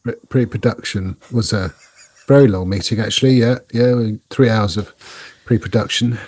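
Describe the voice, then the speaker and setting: Husky, rambling man. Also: lowish voice, fairly even intonation, a little mellow, no room sound. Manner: rambling, halting, many fillers and restarts. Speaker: podcast co-host. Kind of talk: casual chat.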